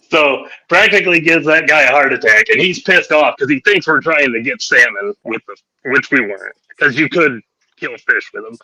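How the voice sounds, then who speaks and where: A man's voice: mid-range voice, moderate pace, pushed and bright, slightly rough, low-quality recording. A man hosting a podcast, telling profane, rowdy anecdotes in casual chat and laughing through them. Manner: laughs through his stories. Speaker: podcast host.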